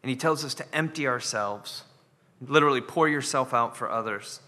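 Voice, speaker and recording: A man's voice: mid-range voice, moderate pace, sharp tone, long reverb tail. A man preaching an earnest sermon as pastor, often repeating words as he builds a point. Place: church sanctuary.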